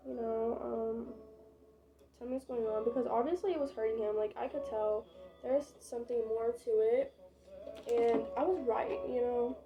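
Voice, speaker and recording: A woman's voice: a little high, steady tone, normal speed, muffled recording, music in the background. A young woman vlogger telling a casual storytime, chatty and dramatic, with lots of fillers and swearing.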